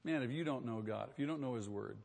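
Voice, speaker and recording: A pastor preaching a sermon, emphatic, asking rhetorical questions and swinging between quiet and loud. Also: male voice, medium pitch, quick pace, vocal fry, big-room sound.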